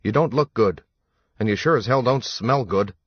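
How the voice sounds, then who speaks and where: A curt, impatient homeowner guarding his porch, read by a male narrator, gruff and husky over a low, dry voice. The audiobook sound is dull and lo-fi. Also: moderate pace, dry recording, lightly acted. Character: gruff protective middle-aged homeowner, impatient.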